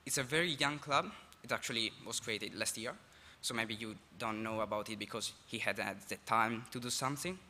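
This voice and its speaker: A teenage exchange student from Italy with an Italian accent, giving a halting, apologetic speech at a school assembly. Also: male voice, mid-range voice, bright, forceful tone, a little hiss or hum. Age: teens. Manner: nervous, halting, apologetic with laughs. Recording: reverberant hall, faint ambience.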